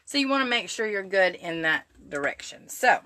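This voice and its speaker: A middle-aged woman doing a casual live stream from her home kitchen, chatty and excitable, greeting viewers by name. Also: medium pitch, normal speed. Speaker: keto cooking vlogger.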